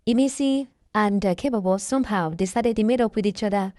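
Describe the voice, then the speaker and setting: A woman's voice: medium pitch, brisk, darkish tone, dry recording, studio quality. A Nigerian woman with a stuffy nose from a cold, chatting emphatically and gossiping as she comments on a reality show. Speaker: reaction vlogger.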